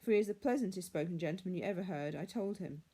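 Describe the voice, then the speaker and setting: Bob Cratchit, a woman reading a soft grieving clerk. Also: lowish voice, expressive, fast, slightly rough. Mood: tender. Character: grieving gentle middle-aged male clerk. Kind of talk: storybook reading.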